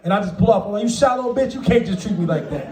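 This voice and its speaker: High-voiced man doing stand-up, echoey room. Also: rapid-fire, dark tone, far from the mic. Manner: profane, laughing, acts out quoted voices. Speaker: stand-up comedian. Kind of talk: stand-up comedy set. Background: audience laughter.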